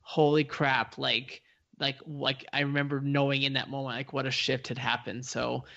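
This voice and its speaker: A man's voice: medium pitch, monotone, normal speed, gravelly, bright, forceful tone, lo-fi sound. A man co-hosting a podcast in casual recap chat, reflective and full of filler likes. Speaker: podcast co-host.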